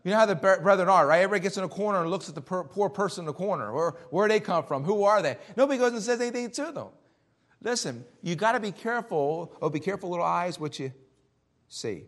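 A man preaching a sermon and reading scripture, throwing out rhetorical questions and swinging between loud emphasis and hushed warnings. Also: high-pitched, expressive, fast. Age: adult, Army veteran.

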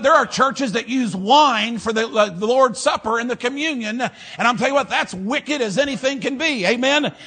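Fiery high-voiced preacher. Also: male voice. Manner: emphatic preaching with repeated amens, swinging from loud to hushed. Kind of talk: fiery sermon.

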